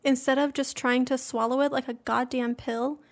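A woman co-hosting a podcast in casual chat, joking in a sarcastic, crude, deadpan way. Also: sits high, normal speed. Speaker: podcast co-host.

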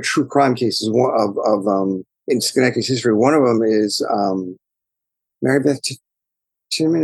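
Husky low-voiced man telling a story. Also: no echo, poor audio. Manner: thoughtful, digressive storytelling. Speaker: author guest. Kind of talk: interview answers.

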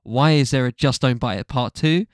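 A man's voice: medium pitch, moderate pace, no echo, clean studio sound. A man co-hosting a casual music podcast, talking loosely with lots of fillers and restarts and casual swearing. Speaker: podcast co-host. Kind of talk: casual music review chat.

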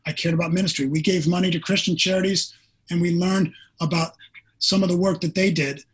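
A man's voice: sits high, fairly even intonation, fairly quick, breathy edge. A middle-aged man, a former pro football player, telling an earnest personal story in an interview.

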